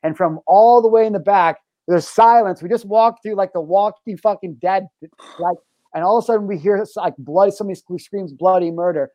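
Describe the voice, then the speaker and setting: Young guy telling a story, swears a lot, says bro, a bit high voice, dry sound. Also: brisk, no room sound, muffled recording. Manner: profane, animated, says "bro". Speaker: guest. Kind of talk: casual storytelling.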